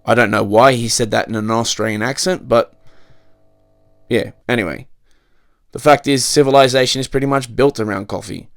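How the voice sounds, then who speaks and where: A man's voice: medium pitch, moderate pace, creaky, no room sound. A married man giving a comedic product review, slipping dry jokes and cheeky innuendo in between the facts. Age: adult, married.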